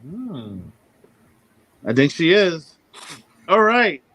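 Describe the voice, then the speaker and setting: A man hosts a podcast over a remote line, his voice a touch higher than usual for a man. He asks questions in a relaxed, rambling way, with fillers and restarts. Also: drawn-out words, rough recording. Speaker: podcast host. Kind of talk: casual remote podcast interview. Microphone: podcast microphone over remote call.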